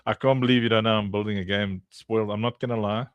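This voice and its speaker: In a casual livestream as he playtests his own game, a man talks to chat by name, teasing, chatting, and laughing often. His lowish voice keeps a steady tone at a quick pace, and the recording is dry with dull audio.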